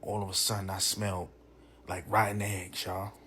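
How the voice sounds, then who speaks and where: A young man, telling a profane, animated personal story in a casual way. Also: low-pitched, moderate pace, a little hiss or hum. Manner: animated, profane, full of "you know what I'm saying".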